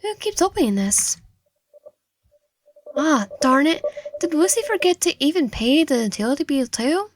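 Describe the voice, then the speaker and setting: A woman reading a visual novel aloud in first person, expressive, with stumbles and asides. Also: high voice, normal speed, long pauses, no echo. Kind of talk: dramatic game read-through with asides.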